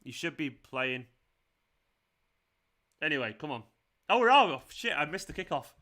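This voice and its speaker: A man's voice: a little high, big pitch swings, moderate pace, sharp tone. A young man hosting a football watchalong stream, chatting casually, teasing and laughing often. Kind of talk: casual live-stream chat and commentary.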